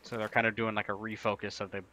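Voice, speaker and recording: A man's voice: on the low side, level tone, fast talker, background noise. A man co-hosting a casual stream, rambling through game news with lots of fillers and casual swearing. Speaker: stream co-host.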